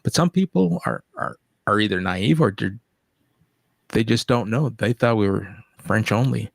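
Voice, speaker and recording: A man's voice: fairly low pitch, lively intonation, moderate pace, gravelly, no room sound, clean studio sound. A man from Canada chatting casually in an easygoing way, chuckling at his own stories. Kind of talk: casual chat.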